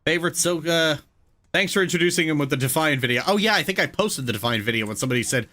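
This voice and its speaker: A man's voice: a little high, fast talker, pushed and bright. A man casually commenting as he streams a video game, joking and swearing loosely.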